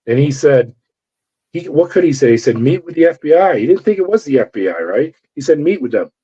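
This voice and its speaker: A man's voice: fairly high pitch, very animated, brisk, warm tone, slightly rough. A middle-aged man from California, a former corrections officer, telling his story in an interview and acting out the voices of the people in it. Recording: dull lo-fi audio.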